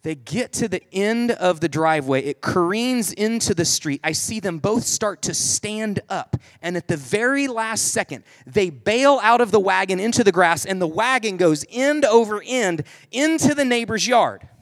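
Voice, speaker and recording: A man's voice: high-pitched, animated, moderate pace, hardly any pauses, no echo. A man in his forties telling a humorous family story to an audience, chatty and self-mocking, leaning on "like" a lot. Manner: loose, chatty, self-mocking, heavy use of "like".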